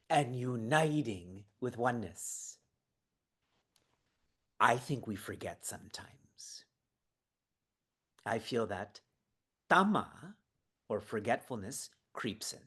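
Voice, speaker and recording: This man's voice is mid-range, a bit bright and slightly rough. He guides an online seva training from his prayer room, engaging listeners with questions and laughter between points.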